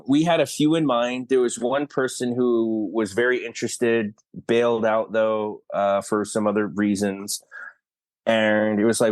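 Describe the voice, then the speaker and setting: A man from Canada, a guest actor and filmmaker, telling stories in a casual podcast interview, acting out quoted lines and laughing often. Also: medium pitch. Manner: animated storyteller who acts out quoted lines and laughs often.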